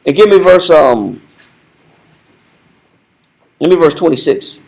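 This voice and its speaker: A man's voice: fairly high pitch, expressive, slow, a little mellow. A man teaching a Bible study, directing a reader and repeating his points with commanding emphasis.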